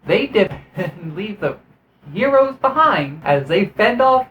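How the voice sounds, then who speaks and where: A man's voice: high voice, very animated, takes it slowly, lo-fi sound, a little hiss or hum. A man hosting his own video, giving a rambling, sarcastic, profanity-laced recap of a movie. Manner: rambling with frequent restarts. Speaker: video host reviewing a film.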